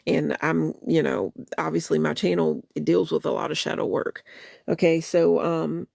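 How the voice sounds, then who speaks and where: Gravelly, casual woman host. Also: low voice, darkish tone, no echo, studio quality. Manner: rambling, repeats and restarts phrases. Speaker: channel host. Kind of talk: casual livestream chat, reading lyrics.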